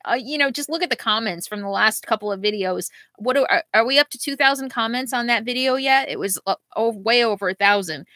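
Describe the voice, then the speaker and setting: A middle-aged woman vlogger in a casual live Q&A, reading viewer comments and answering them in a halting, emotional way, at times near tears. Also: medium pitch, pushed and bright, dry recording. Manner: emotional, halting, laughs through grief.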